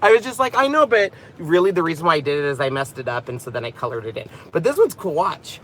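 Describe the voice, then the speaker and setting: A man's voice: a little high, big pitch swings, fast, a bit bright, slight background noise. Chatty man vlogging from his car. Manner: chatty, rambling, goes off on tangents; laughs often and jokes about himself. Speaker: crafting channel host. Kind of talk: casual vlog chat.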